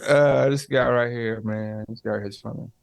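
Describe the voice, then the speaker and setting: A man's voice: medium pitch, steady tone, normal speed, gravelly, no echo. A man hosting a podcast, laid-back and laughing, answering teasing with mock offense. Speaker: podcast host. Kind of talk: casual banter. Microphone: remote call.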